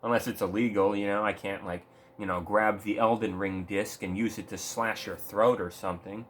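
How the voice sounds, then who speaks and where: A man's voice: fairly low pitch, fairly even intonation, moderate pace. A man ranting casually about video games, foul-mouthed and rambling, mocking what he talks about. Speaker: gaming vlogger. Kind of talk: profane casual rant.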